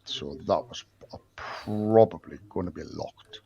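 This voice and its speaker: A man's voice: low-pitched, measured pace, creaky, mellow. A man playing a tabletop game, thinking aloud and asking hesitant questions. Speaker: player. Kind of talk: casual chat in a tabletop game.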